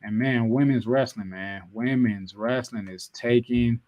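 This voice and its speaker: A man co-hosting a wrestling podcast in casual chat, relaxed and repeating his phrases. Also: medium pitch, a little slow, no room sound, highs cut off. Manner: laid-back, repeats himself, lots of "you know what I'm saying". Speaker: podcast co-host.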